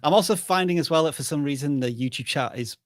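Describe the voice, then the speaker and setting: A man's voice: fairly high pitch, fast talker, no echo. Man, live stream co-host, playful, casual chat, dry sound. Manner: chatty, playful, thinks aloud. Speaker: livestream co-host.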